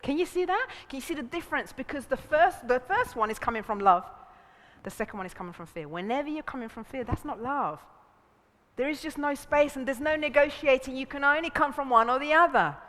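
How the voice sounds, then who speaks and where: A woman's voice: high voice, brisk. A woman leading a relationships seminar, talking animatedly and acting out voices with frequent laughs. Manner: animated, acts out voices in quotes, laughs often. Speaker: seminar leader. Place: seminar room. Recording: long hall reverb.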